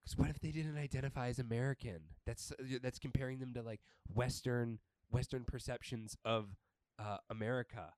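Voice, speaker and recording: A man's voice: mid-range voice, steady tone, normal speed, darkish tone, dry recording. Crude, laughing young man. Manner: crude, joking, laughs often. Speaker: podcast co-host. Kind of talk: casual chat.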